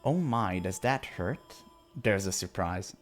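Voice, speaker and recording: A man reading a visual novel aloud and voicing a sadistic, mocking young woman captor in his own fairly low voice. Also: expressive, slow, faint music behind. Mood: cruel. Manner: taunting, sneering.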